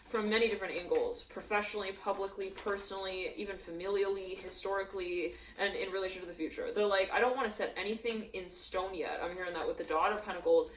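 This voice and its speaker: A woman's voice: mid-range voice, fairly even intonation, fast talker, few pauses, far from the mic, a little hiss or hum. Woman, tarot reader, rambling delivery, echoey room, mic set back. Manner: rambling, acts out quoted voices. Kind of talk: channeled tarot reading.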